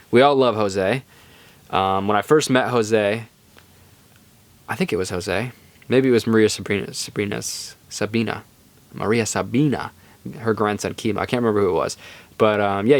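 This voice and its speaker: With a fairly low-pitched voice and no echo, a young man hosts a podcast. He delivers a casual storytelling monologue, meandering easily and using plenty of fillers.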